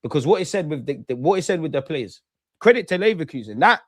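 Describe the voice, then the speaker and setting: A man's voice: on the high side, fast talker, dry recording. Slangy young man ranting about football. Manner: animated, slangy, rants then calms. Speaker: football watchalong host. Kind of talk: casual post-match reaction.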